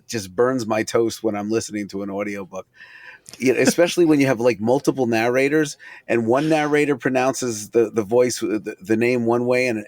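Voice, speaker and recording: A man's voice: medium pitch, no echo. A man, an author, talking enthusiastically about his book in an interview. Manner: enthusiastic, animated, fast when excited. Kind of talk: casual interview chat.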